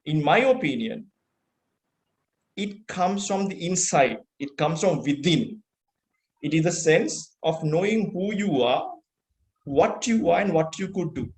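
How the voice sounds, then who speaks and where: A man's voice: a little high, lively intonation, measured pace, darkish tone. A man with a Sri Lankan accent giving a motivational keynote speech, earnest and full of rhetorical questions. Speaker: keynote speaker. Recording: roomy echo.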